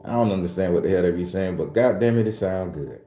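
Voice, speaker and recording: A man's voice: deep voice, quick pace, mellow. A man hosting a morning prayer stream, talking loosely and profanely in a rambling, casual way straight to his viewers. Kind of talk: casual chat. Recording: echoey room with faint music.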